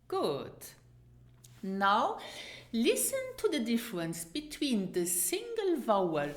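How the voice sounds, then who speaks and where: A woman whose first language is Luxembourgish teaches pronunciation, saying each word slowly and repeating it for the listener to copy. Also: a little high, huge pitch swings, roomy sound. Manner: slow, deliberate, repeats words for practice. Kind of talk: pronunciation lesson.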